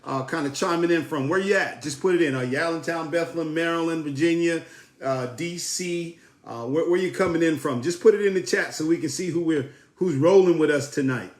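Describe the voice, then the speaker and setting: A man's voice: on the high side, fairly quick, roomy sound. Upbeat man hosting a livestream. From South Jersey. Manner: greets viewers by name, upbeat and familiar. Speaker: livestream host. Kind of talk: casual livestream chat.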